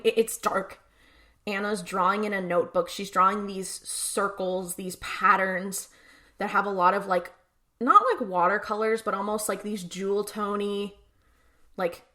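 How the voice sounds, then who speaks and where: A woman with a medium-pitched, bright, forceful voice co-hosts a podcast. She casually recaps an episode, performing the characters' lines as she goes.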